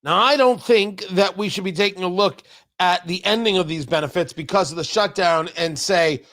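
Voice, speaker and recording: A middle-aged radio talk show host runs a political program, speaking emphatically and sarcastically and repeating lines for punch. His voice is high-pitched and a bit bright, at a moderate pace.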